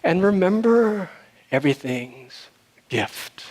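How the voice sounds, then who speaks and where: A man speaks to a gathering of about seventy people in a relaxed, storytelling sermon, his voice sitting a little higher than most men's. He wanders through his story with fillers and small restarts, and grows loud when he acts out people shouting. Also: takes it slowly. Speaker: speaker at a spiritual community. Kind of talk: conversational sermon.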